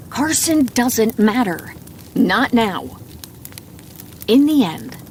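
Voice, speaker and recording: A woman narrating a bedtime audiobook in a calm, soft reading voice. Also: mid-range voice, a little hiss or hum.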